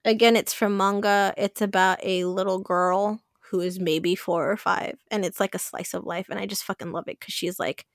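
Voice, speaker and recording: A woman co-hosting a podcast in casual chat, animated, laughing often and swearing freely. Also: medium pitch, moderate pace, few pauses, dry recording, clean studio sound. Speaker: podcast co-host.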